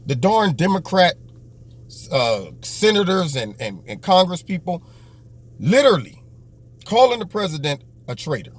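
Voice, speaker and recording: Male host, fairly high voice, sarcastic political monologue with mocking impressions. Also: very animated, a little slow.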